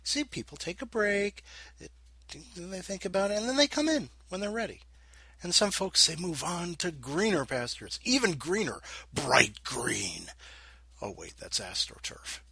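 Lively, bright-voiced rambling male podcaster. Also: sits high, normal speed, vocal fry, slightly rough. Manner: rambling, self-deprecating, mutters asides to himself. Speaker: podcast host. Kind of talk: casual solo podcast chat.

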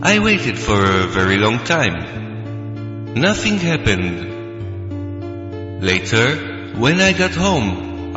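A man hosting his own show and reading a short story in a measured, deadpan way. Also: fairly low pitch, roomy sound, big-room sound, dull audio. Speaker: podcast host and storyteller. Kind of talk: scripted narration.

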